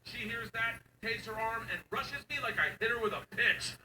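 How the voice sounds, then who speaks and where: A man doing a stand-up comedy set, loud and rowdy, acting out his kids and shouting the punchlines. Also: high voice, fairly quick, few pauses. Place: live comedy stage. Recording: echoey venue from far off, noisy.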